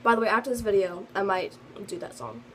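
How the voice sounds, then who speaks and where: A teenage girl recounting her day in a casual storytime vlog, rambling along with plenty of fillers, restarts and asides. Her voice sits at an ordinary middle pitch. A faint hiss of background noise sits under the recording. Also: sing-song, fast talker, fairly bright tone, rough recording. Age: teens. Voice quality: sensitive, earnest storytelling. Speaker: vlogger.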